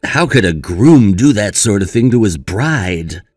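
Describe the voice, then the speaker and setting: A man plays a caring brother who sides with his upset sister. He sounds reassuring and sympathetic, with a lively pitch. The sound is dry and close, over faint music. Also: unhurried, dry recording. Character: caring young brother, supportive and indignant.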